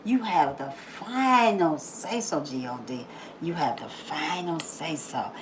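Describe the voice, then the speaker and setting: A woman hosting a daily positive-message video, talking casually, laughing often and repeating phrases for emphasis, then softening into slow prayer. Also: low-pitched, animated, slight background noise, poor audio. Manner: drops to a soft, slow prayerful tone. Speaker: YouTube host giving a daily positive message. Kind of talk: casual inspirational monologue.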